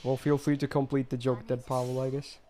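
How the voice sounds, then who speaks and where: A man's voice: mid-range voice, little pitch movement, a little fast, dark tone, faint music behind. A man streaming a game live, ranting emphatically and answering his chat.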